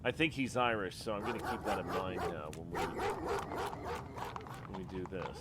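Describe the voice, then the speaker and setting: A man's voice: sits low, moderate pace, heavy background noise. A man streaming a game live, chatting wryly and thinking aloud. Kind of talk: casual live game commentary.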